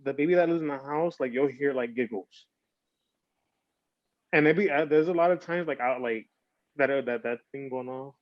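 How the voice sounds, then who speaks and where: A man rambling through a casual podcast chat, tipsy and slurring now and then, with a bit of Spanish mixed in. His voice sits at an ordinary pitch. The recording is dry and dull, like a lo-fi mic. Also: normal speed, long pauses, dry recording. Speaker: podcast host. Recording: dull lo-fi sound.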